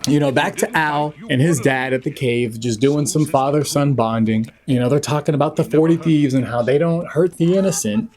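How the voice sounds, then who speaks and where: A young man with a slightly high voice recaps an animated movie as a reviewer, sarcastic and jokey, occasionally mimicking the characters.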